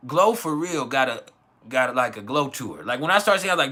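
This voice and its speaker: A man's voice: medium pitch, expressive, fairly quick, bright, forceful tone. A man from West Texas, hosting a casual livestream and giving blunt, profane opinions while answering chat. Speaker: livestream host.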